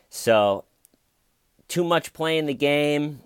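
A man giving casual, animated true crime commentary who acts out the quoted lines as he recaps. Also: low-pitched, measured pace, pauses often, no room sound, clean studio sound.

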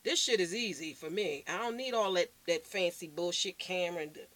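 A woman's voice: fairly low pitch, a little fast, a bit bright. Blunt, profane woman ranting to her phone. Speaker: vlogger. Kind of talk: unscripted rant to camera.

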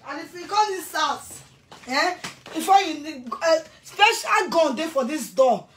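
A woman's voice: sits high, animated, unhurried. A woman with a Nigerian accent delivering a heated, threatening rant, repeating herself often. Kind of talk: angry rant to camera.

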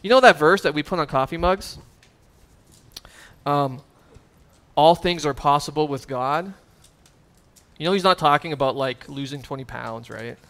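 A man preaching a sermon as pastor, animated and emphatic, with casual conversational asides. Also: on the high side. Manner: conversational asides with fillers and chuckles.

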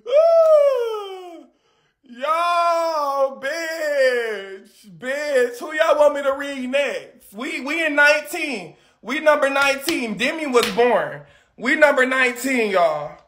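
Very high-voiced brash cursing man. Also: lively intonation, normal speed, bright, forceful tone. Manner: brash, cursing, trash-talking. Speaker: livestream host. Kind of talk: profane roast on a livestream.

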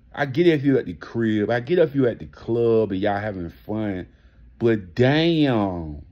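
A man's voice: lowish voice, darkish tone, muffled recording. A man ranting in an indignant commentary vlog, emphatic and swearing heavily. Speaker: commentary vlogger.

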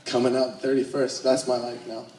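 A man's voice: mid-range voice, flat delivery, normal speed, noisy background. A young man from Alaska doing his first stand-up set, nervous and self-deprecating, telling crude jokes. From Alaska, United States. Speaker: stand-up comedian. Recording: echoey room, voice far off.

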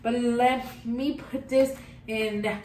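A woman's voice: on the high side, fairly even intonation, slow, darkish tone, roomy sound, far from the mic, low-quality recording. A young woman, gushing sentimentally as she talks to camera in a casual vlog. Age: young adult. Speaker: vlogger.

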